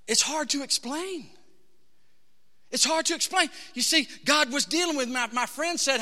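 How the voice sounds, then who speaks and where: High, bright-voiced preacher man. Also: animated, normal speed. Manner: passionate storytelling preacher, swings from hushed to shouting. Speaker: pastor. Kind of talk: sermon. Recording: hall reverb.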